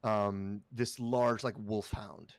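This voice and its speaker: A man narrating as game master in a tabletop role-playing game, halting with many fillers. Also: fairly low pitch, fairly even intonation, no room sound.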